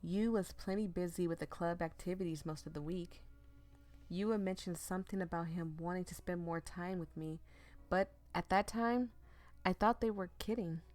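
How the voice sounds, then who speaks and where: A woman gaming streamer, her voice on the low side with a steady, darkish tone, narrates a visual novel and reacts to it, immersed and emotive, with nervous laughs and quick asides.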